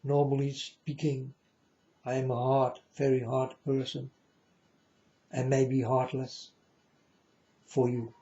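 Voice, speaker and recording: A man's voice: mid-range voice, monotone, slow, long pauses, mellow. A man giving a repetitive, insistent preaching monologue to viewers, calling them folks. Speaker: self-styled religious speaker. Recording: dull lo-fi recording.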